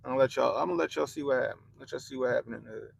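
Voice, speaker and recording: A young man hosting a livestream, ranting bluntly and profanely about politics to his chat in animated slang. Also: mid-range voice, racing, vocal fry, a little hiss or hum, poor audio. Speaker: livestream host.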